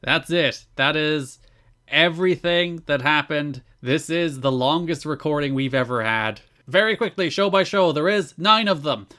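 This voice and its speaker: A man in his thirties co-hosting a casual wrestling podcast, reading out show listings in a lively, upbeat way. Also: a little high, normal speed. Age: 30s. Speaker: podcast co-host.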